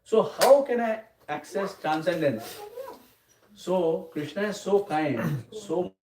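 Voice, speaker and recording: A man giving a scripture class, often checking in with listeners with a quick "huh?" or "okay?". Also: high voice, expressive, a little mellow. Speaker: lecturer. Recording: roomy, distant mic, faint noise.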